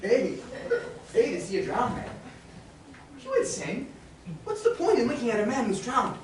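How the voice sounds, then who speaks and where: A prim, easily scandalized gentleman in a stage play. The voice is high and swoops widely, with a stiff and indignant manner. It is heard from a distance in a very echoey hall. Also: wildly swooping pitch, normal speed, slight background noise.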